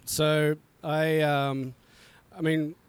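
A man's voice: fairly high pitch, flat delivery, drawn-out words, clean tone. A middle-aged man, a coffee roaster, talking in a laid-back way with frequent chuckles and fillers on a casual podcast recorded outdoors.

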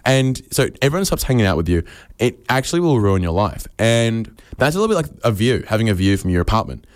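A man delivers a comic monologue in a low-pitched voice. His claims are absurd and deadpan, and he slips into quick acted-out voices for the people he quotes. The sound is dry and close, with no room echo. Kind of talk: comedic monologue.

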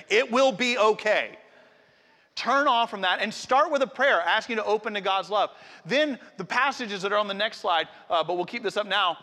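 A man's voice: high voice, bright, forceful tone. A middle-aged man preaching a sermon in a conversational, earnest way, speaking directly to his congregation. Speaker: pastor. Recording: long hall reverb.

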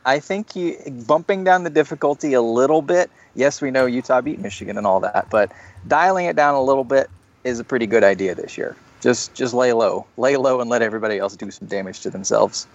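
A man co-hosting a sports podcast, full of playful sarcastic asides and quick laughs. His voice sits in a middle range, and the recording is slightly dull and muffled. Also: mid-range voice. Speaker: podcast co-host. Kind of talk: casual chat.

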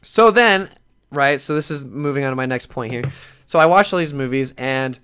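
A man's voice: medium pitch, moderate pace, fairly bright tone, a little hiss or hum. A young man hosting his own podcast, talking casually in an earnest, rambling way with frequent restarts. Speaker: podcast host. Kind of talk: casual solo podcast talk.

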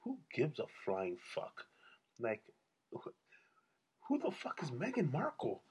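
A man's voice: mid-range voice, wildly swooping pitch, unhurried, darkish tone, slightly rough. A man talking alone to his audience in a casual, rambling rant, blunt and full of swearing. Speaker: solo vlogger.

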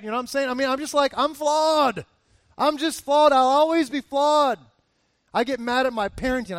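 A man's voice: extremely high pitch, a bit bright, no room sound, clean studio sound. A man in his forties preaching a casual, conversational sermon that rises into emphatic bursts. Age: 40s. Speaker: pastor.

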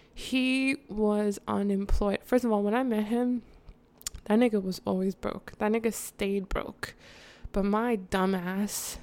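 Chatty woman with a gravelly fry. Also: medium pitch, darkish tone. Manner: frank, slangy, laughs often; chatty, digresses, addresses viewers. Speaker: vlogger. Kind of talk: candid storytime.

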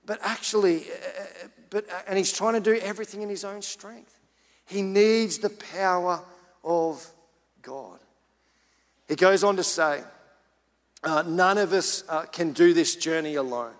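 A man delivers a sermon in a high, bright voice, telling a story in a relaxed, chatty way and then pressing his point with rising urgency. His words ring out with a long reverb, as in a church hall. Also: a little slow. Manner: casual preaching, rising to urgent emphasis. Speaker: pastor.

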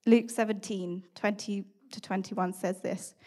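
A young woman hosts a faith podcast in a relaxed, conversational way. She tells her stories with plenty of fillers and asides. When she quotes, her voice drops to a near whisper. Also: mid-range voice, a little slow. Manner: chatty storytelling with fillers and asides; drops to a hush when quoting. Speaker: podcast host. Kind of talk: devotional talk.

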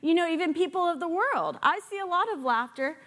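High-voiced woman preaching a lively sermon. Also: fairly quick. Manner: animated, with playful sarcastic asides. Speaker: guest preacher.

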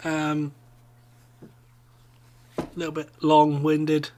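A laid-back man co-hosting a casual podcast, blunt and sweary in a relaxed, offhand way. His voice sits a little high for a man, and faint clicks sound in the background. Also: drawn-out words, slight background noise. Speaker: podcast co-host. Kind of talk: casual chat.

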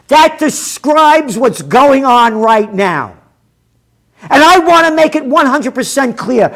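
A man hosting a forecasting show, delivering a combative, profane rant with loud bursts of shouting. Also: very high voice, lively intonation, slow pace, creaky. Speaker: host of a trend forecasting show. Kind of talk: ranting commentary.

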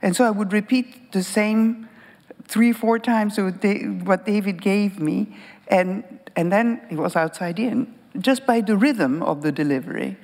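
A woman's voice: mid-range voice, measured pace, a little mellow. A woman in her sixties, an actress and panel guest whose first language is Italian, speaking in a thoughtful, reflective way. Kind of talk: onstage conversation. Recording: hall reverb from a stage talk.

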